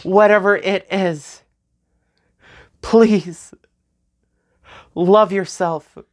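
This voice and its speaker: A young woman speaking slowly and tearfully in a personal memorial vlog, with soft nervous laughs. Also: medium pitch, steady tone. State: crying. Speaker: vlogger.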